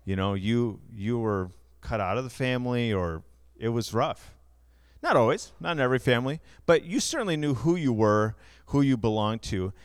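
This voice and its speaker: A man's voice: mid-range voice, lively intonation, moderate pace, clear, resonant tone, no room sound. A younger man preaching a sermon, explaining figures in a conversational way with asides. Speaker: pastor.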